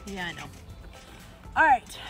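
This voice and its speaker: A woman's voice: medium pitch, sing-song, a little slow, fairly bright tone, faint music behind. A middle-aged woman, a campground host, cheerfully explaining an outdoor cooking demonstration step by step outdoors. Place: outdoor campground by a fire pit.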